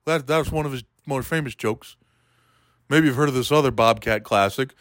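Guy rambling a deadpan comedy bit, middle pitch, dry close sound. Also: normal speed, no room sound. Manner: meandering, deadpan, keeps addressing a listener by name.

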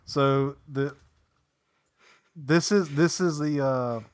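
A man with a Southern American accent, a podcast co-host telling profane stories in casual chat, jumping into loud quoted voices. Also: on the high side, very slow, dry recording, clean studio sound. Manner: profane, animated storytelling with loud acted quotes.

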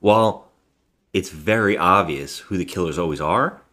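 A man's voice: low voice, a little slow, bright, forceful tone. A man co-hosting a casual film review podcast, acting out scenes in funny voices as he retells them. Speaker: podcast co-host.

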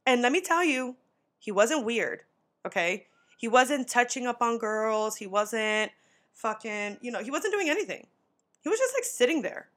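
Chatty young woman telling a story. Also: moderate pace. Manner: animated, swearing, heavy on filler 'like'; acts out quoted people with pitch jumps. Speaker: podcast host. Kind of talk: casual storytelling.

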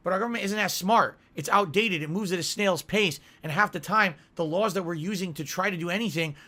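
Indignant lecturing man with a high bright voice. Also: a little fast. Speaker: streamer. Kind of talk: ranting podcast monologue.

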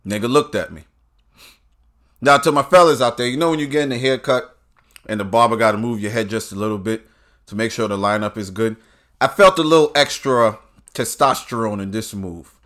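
A man delivering a profane political rant to his audience. His tone swings between loud bursts and low, drawn-out asides.

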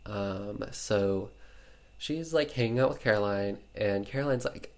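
A man's voice: lowish voice, a little slow. A man casually retelling a film's plot, chatty and full of fillers, with playful sarcasm. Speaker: podcast host recapping a film. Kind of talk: casual chat.

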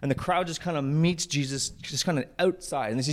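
A male pastor preaching to his church, retelling a story with playful asides and quick voices for the characters. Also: on the high side. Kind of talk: lively storytelling sermon.

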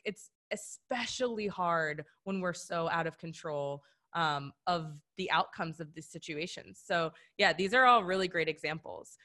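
A woman leads a live workshop over a video call, her voice mid-pitched and easy. She talks in a friendly, encouraging way and keeps checking in with her listeners. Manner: warm, encouraging, conversational with many "right?" tags. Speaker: workshop facilitator.

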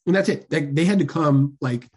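A man's voice: a little high, normal speed, a little mellow, slightly rough. A man in his thirties co-hosting a casual chat podcast, telling stories loosely and cursing as he jokes. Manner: loose, profane, joking storyteller. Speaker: podcast co-host.

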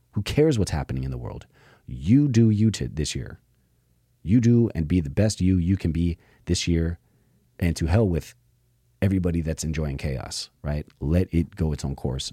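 Male host, deep voice, dry close sound, casual reader-commentator with profane asides. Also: mellow, husky, no room sound. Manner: reads passages aloud and comments, profane asides. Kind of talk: casual commentary reading from a spiritual book.

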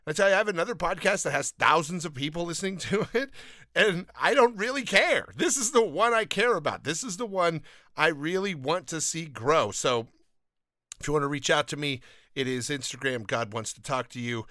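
A man's voice: fairly high pitch, normal speed, sharp tone, no echo, clean studio sound. A man hosting a Bible podcast, talking in an earnest, enthusiastic and self-deprecating way, often restarting his sentences, and reading scripture aloud. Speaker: podcast host.

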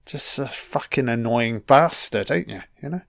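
A man doing a casual, profane film commentary, heckling the characters on screen, his throat a little croaky from illness. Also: medium pitch, normal speed, fairly bright tone, dry recording, studio quality. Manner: profane, talks back at the screen.

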